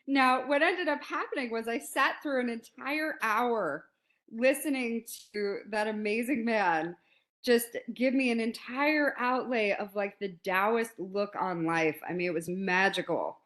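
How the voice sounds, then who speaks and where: A woman in her forties, a podcast guest telling a story in a lively, casual way and acting out quotes. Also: fairly high pitch, measured pace. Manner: animated, laughs often, acts out quotes.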